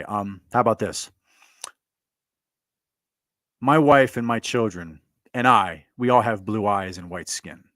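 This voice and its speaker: Man, low voice, dry close sound, blunt monologue, stammered restarts. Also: a bit bright, no room sound. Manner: blunt, provocative, repeats himself with stammered restarts. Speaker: commentator telling a personal story. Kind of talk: monologue recounting a conversation.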